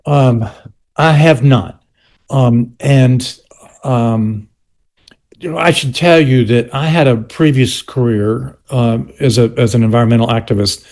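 A man's voice: medium pitch, measured pace, a little mellow. An older man from South Carolina with a Southern US accent, a history teacher explaining his argument in an interview with restarts and pointed asides.

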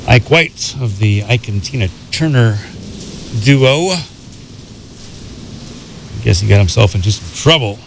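A man's voice: fairly low pitch, measured pace, gravelly, pauses often, a little hiss or hum. A man working as a radio DJ, back-announcing records in a loose, rambling way with lots of fillers. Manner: relaxed, rambling, many "uh" fillers. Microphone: studio microphone.

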